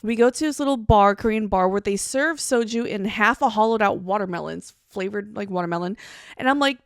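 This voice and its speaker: A woman's voice: mid-range voice, a little fast, smooth, dry recording, studio quality. A woman co-hosting a casual podcast who tells stories bluntly, swears freely and acts out quoted lines. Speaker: co-host. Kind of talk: casual storytelling chat.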